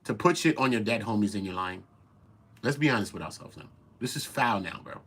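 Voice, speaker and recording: A man hosting a casual commentary show, talking in an animated, profane and incredulous way. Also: on the low side, brisk, husky. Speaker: commentary host.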